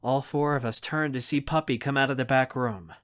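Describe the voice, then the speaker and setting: A man narrating a young adult audiobook in the first person with an expressive reading. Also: medium pitch, brisk.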